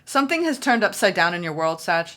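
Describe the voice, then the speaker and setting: A woman giving a solo tarot reading, excitable and gushing, repeating phrases for emphasis. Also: on the low side, fast. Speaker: tarot reader.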